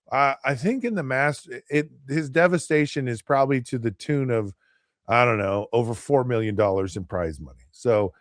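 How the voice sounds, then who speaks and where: A middle-aged man hosts a casual sports talk show, rambling and sarcastic, full of fillers and restarts. His voice is mid-range at a moderate pace, recorded dry with clean studio sound.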